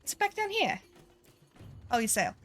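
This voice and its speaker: A woman's voice: a little high, wildly swooping pitch, moderate pace, faint music behind. A woman streaming a game, chatting casually, swearing freely and laughing often. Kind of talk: casual gameplay chat.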